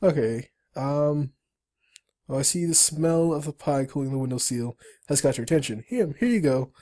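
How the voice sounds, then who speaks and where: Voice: mid-range voice, moderate pace, mellow. A player walking through a game tutorial, reading the on-screen story aloud with chatty asides. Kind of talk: let's-play narration, reading game text aloud.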